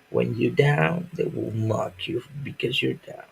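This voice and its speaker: A man's voice: medium pitch, slow, gravelly, a little hiss or hum, poor audio. A man who makes comics, chatting casually on a live stream in a rambling, profane and self-mocking way. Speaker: comic artist.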